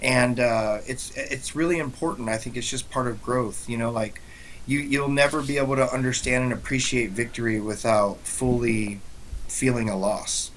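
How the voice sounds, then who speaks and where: A man's voice: medium pitch, steady tone, normal speed, a little hiss or hum, poor audio. A young man co-hosting a casual podcast, speaking in an earnest, heartfelt way with many "you know"s. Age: young adult. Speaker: guest co-host.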